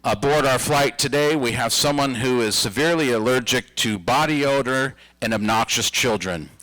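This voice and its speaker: A flight attendant on the intercom, formal and measured, pitched a little lower than the speaker's usual talk, as a comedian puts it on. The delivery is stiff and announcer-like, with a dry close sound. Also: male voice, bright, forceful tone, dry recording, lightly acted, poor audio. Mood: mock-formal.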